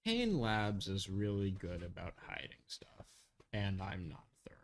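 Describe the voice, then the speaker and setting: A laid-back former snoop, played by a man in a tabletop game. He talks relaxed and casual with a light joking edge, in a fairly low voice. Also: unhurried, slight background noise, exaggerated voice. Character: wary male ex-professional snoop, laid-back.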